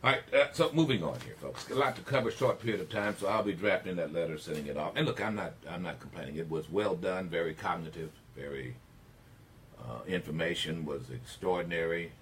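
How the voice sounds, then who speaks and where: An older man with a very low voice hosting a call-in talk radio show. He delivers his opinions like a preacher, building emphatic swells that climb toward shouting on the points he cares about. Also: brisk, a little hiss or hum.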